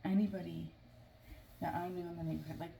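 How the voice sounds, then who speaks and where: A woman with a lowish voice tells a personal story, casual and halting, with plenty of fillers and restarts. She sits a little back from the microphone. A clear layer of noise runs under her speech. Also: flat delivery, warm tone. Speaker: family vlogger. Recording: noisy room, mic at a distance.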